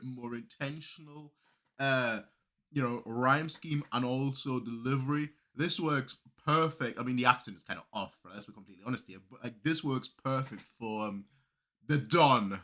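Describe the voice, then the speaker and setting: A man hosting a reaction video, talking in a casual, excitable, rambling way with lots of restarts. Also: medium pitch.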